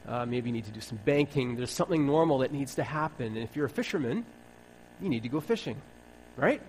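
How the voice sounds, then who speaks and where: A man's voice: medium pitch, lively intonation, brisk, a little hiss or hum, poor audio. A man preaching a sermon in a wry, conversational way, acting out bits of dialogue.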